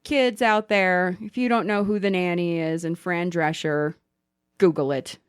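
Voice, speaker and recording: A woman's voice: lowish voice, measured pace, clear, resonant tone. A woman hosting a podcast, telling stories in casual chat with plenty of swearing. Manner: animated, profane storytelling. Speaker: podcast host.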